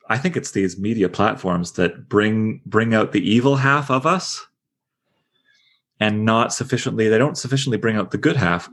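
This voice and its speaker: A man leading a book discussion podcast, reflecting aloud, asking questions and reading passages to the group. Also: lowish voice. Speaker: discussion leader.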